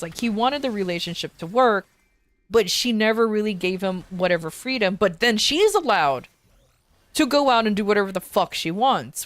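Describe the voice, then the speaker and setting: A woman's voice: medium pitch, a bit bright. Woman streamer, casual storyteller, rambling and stammering, cusses a lot. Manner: rambling, stammering, swears freely.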